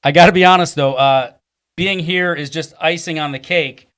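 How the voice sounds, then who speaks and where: A man's voice: fairly high pitch, moderate pace, fairly bright tone, clear, resonant tone. A man appearing as a guest co-host on a casual livestream chat, laid-back and joking at his own expense. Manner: laid-back, self-deprecating humor.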